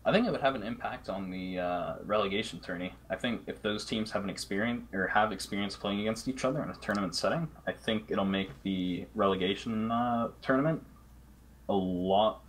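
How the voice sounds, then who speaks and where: A man talking as a guest on a casual esports podcast, soft-spoken and a bit hesitant. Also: lowish voice, fairly quick, a little hiss or hum. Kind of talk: casual chat.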